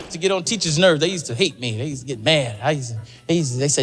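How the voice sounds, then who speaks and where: A comedian from Georgia, telling stand-up and interview stories and jumping into high voices for the people he quotes. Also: racing, hardly any pauses, fairly bright tone, big-room sound, soft background music.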